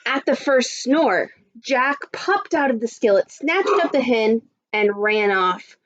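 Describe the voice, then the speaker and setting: Woman teacher reading a storybook aloud, slow and expressive, muffled recording. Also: fairly high pitch. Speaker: primary school teacher.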